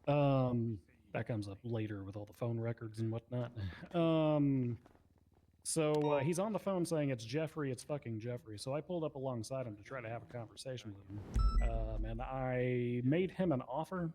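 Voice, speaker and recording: A man's voice: mid-range voice, normal speed, mellow, a little hiss or hum. Man giving rambling testimony. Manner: rambling with frequent fillers. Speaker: police witness in a role-play trial. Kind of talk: testimony in game role-play.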